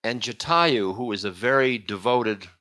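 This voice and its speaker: A man's voice: medium pitch, a little slow, sharp tone. A man, a spiritual teacher, telling an old story in a casual, humorous lecture with frequent chuckles.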